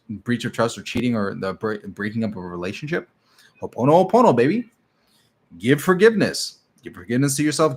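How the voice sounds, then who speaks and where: A man hosting a casual live stream as a relationship coach, talking emphatically and sometimes dropping to a soft, tender tone. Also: mid-range voice. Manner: animated and emphatic, drops to a soft tender tone when acting out a partner.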